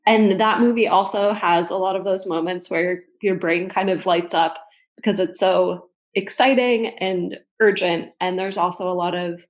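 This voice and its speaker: A woman's voice: on the low side, fairly even intonation, moderate pace. A woman guest on a podcast, speaking earnestly and a little hesitantly in casual chat.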